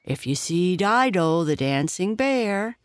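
A bedtime-story narrator voicing Tum Tum, a jolly male circus elephant, speaking slowly and easily on a dry recording. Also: mid-range voice, big pitch swings, no room sound, pitched above the performer's own voice. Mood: friendly. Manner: slow, unhurried speech.

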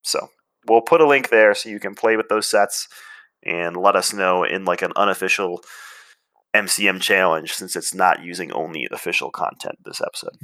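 Bright-voiced podcast co-host man. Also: deep voice, moderate pace, no echo. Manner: relaxed, chatty, with fillers. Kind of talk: casual chat.

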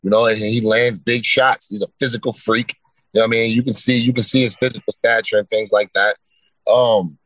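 A man's voice: medium pitch, a bit bright, dry recording, rough recording. A man in a casual interview, talking laid-back and often asking "you know what I mean". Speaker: guest fighter.

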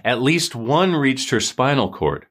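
A man's voice: medium pitch, very animated, a bit bright. Man narrating true crime dramatically. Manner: dramatic, measured storytelling. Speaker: host.

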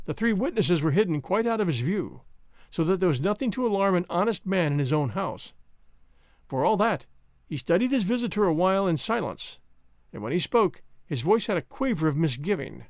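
A man narrating a novel chapter in measured storytelling. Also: high-pitched, no echo, studio quality. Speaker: audiobook narrator. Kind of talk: scripted narration.

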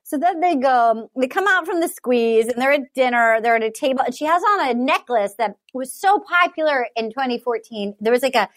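A high-pitched woman talking fast and loose on a podcast, piling up filler words and swearing as she riffs. The sound is close and dry, with no room around it. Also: dry recording. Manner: animated, rambling, swearing, lots of "like". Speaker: podcast co-host. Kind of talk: casual chat, recapping a reality dating show.

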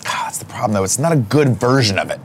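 A man co-hosting a comedy podcast in casual chat, loud, excitable and full of swearing. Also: mid-range voice, quick pace, slight background noise. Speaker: podcast co-host.

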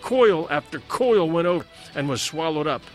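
Male narrator, measured dramatic reading, higher voice, soft music underneath. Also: expressive. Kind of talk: scripted story narration.

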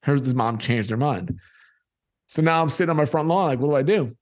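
A man's voice: a little high, a little fast. Man telling a childhood story. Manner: animated storyteller acting out voices of people in his story. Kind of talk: personal storytelling.

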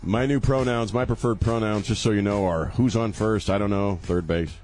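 A man's voice: fairly low pitch, steady tone, normal speed, a little mellow, faint music behind. A man in his fifties hosting a talk radio show, joking sarcastically and rambling, sounding tired. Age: 50s. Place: radio studio.

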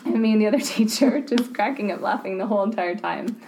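A woman's voice: medium pitch, fast talker, creaky, darkish tone, a little hiss or hum. A woman kindergarten teacher chatting casually on a podcast and telling a funny classroom story, laughing along. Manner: chatty, laughs into her stories.

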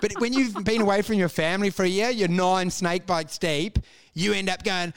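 A man's voice: high-pitched, fairly even intonation, moderate pace, smooth. A young Australian man with an Australian accent, chatting casually as a podcast co-host in profane, mocking rants. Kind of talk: casual chat.

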